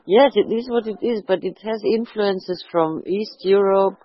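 A woman's voice: mid-range voice, unhurried, no echo. Hesitant curious woman on a dull line. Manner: hesitant, repeats words, curious questions. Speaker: chat participant. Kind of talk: casual conversation.

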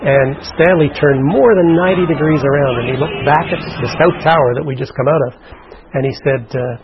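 A man's voice: a little high, a little fast, highs cut off, noisy background. A man recounting a personal story in an interview, in an earnest way, acting out what people said. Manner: earnest storytelling, acts out quotes. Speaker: interviewee, survivor.

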